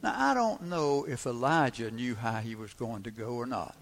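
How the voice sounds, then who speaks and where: Gravelly-voiced male preacher, emphatic. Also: medium pitch, lively intonation, normal speed. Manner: emphatic, repeats key phrases, asks the congregation rhetorical questions. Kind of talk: sermon.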